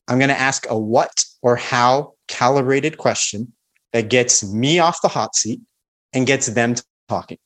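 Confident man teaching sales calls. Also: mid-range voice. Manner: confident, instructive, acts out sample calls. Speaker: sales expert guest. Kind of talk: explaining sales techniques.

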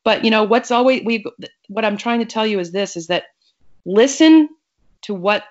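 A woman's voice: fairly high pitch, normal speed, darkish tone. A woman giving emphatic advice in a conversational podcast interview, often restarting her sentences. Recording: muffled lo-fi audio.

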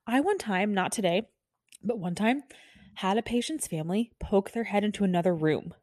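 A woman's voice: medium pitch, expressive, moderate pace, darkish tone, no echo, clean studio sound. A woman who works as a nurse, venting in an exasperated, frazzled, emphatic monologue.

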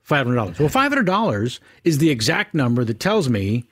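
A man's voice: mid-range voice, very animated, brisk, slightly rough, dry recording, studio quality. A man, an actor guest, telling a comic anecdote in punchy, clipped sentences.

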